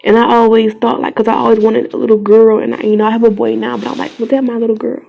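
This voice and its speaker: A woman's voice: on the high side, monotone, fast talker, gravelly, lo-fi sound. A young woman vlogger giving an emotional personal testimony, earnest and pleading, tearful at times, sometimes dropping to a whisper.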